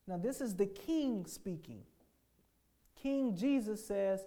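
Emphatic male preacher, mellow voice. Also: sits high, slow pace, long pauses. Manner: emphatic, with rhetorical questions to the congregation; swings between hushed phrases and forceful declarations. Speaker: pastor. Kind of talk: sermon.

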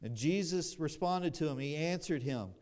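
Preaching an expository sermon, the pastor speaks in a slightly high voice with lively intonation. He moves slowly and deliberately, rising in volume for emphasis and offering wry asides to his congregation.

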